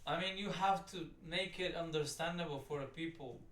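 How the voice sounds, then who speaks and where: A man's voice: fairly high pitch, normal speed, fairly bright tone. A man giving profane, exasperated, rambling commentary while reacting to a video. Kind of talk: ranting commentary. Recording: roomy sound, distant from the mic.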